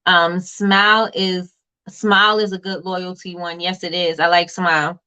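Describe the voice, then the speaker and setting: A woman hosting a live business tips stream, chatting casually and reading viewer comments in a loud, animated way. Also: on the low side, measured pace, clean tone, low-quality recording. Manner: loud, animated and repetitive, talks straight to viewers.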